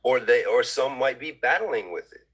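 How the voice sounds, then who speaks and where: A man on a discussion panel, explaining his view in a measured way. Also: mid-range voice, expressive, fairly bright tone, husky, poor audio. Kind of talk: casual discussion.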